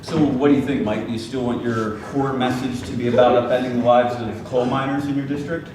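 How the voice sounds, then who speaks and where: A man's voice: mid-range voice, steady tone, brisk, crowd noise. Cajoling consultant man, echoey room. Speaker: campaign consultant. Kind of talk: scripted comedy sketch. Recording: echoey room, distant mic.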